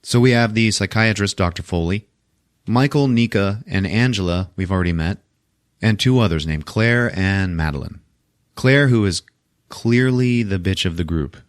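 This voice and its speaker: Man, podcast host, low voice, dry close sound, casual joking movie recap. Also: normal speed, no room sound. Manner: profane, joking, laughs often.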